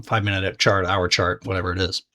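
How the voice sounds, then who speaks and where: A man with a lowish voice teaching a recorded course lesson. He speaks straight to the viewer in a loose, chatty style, swearing freely and circling back on his sentences as he explains. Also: flat delivery, a little fast, sharp tone. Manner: casual, profane, conversational with frequent restarts. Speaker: trading course instructor.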